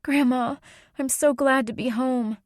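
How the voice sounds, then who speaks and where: A woman's voice: high-pitched, steady tone, unhurried, no echo, clean studio sound, voice pushed up. A woman voicing a young heroine who speaks in a raised, urgent, demanding way. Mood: upset.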